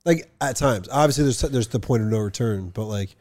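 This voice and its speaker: A man's voice: medium pitch, a little fast, darkish tone, no room sound. A young man co-hosting a podcast in casual chat, rambling and swearing freely. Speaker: podcast co-host.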